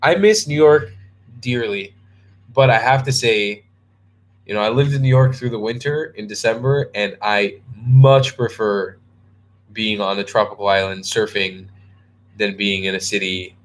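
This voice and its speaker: A man's voice: lowish voice, a little slow. Tired young man rambling on a livestream. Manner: rambling, restarts a lot, reads viewer comments aloud. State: tired and yawning. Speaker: travel vlogger answering live chat. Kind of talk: casual live-stream chat.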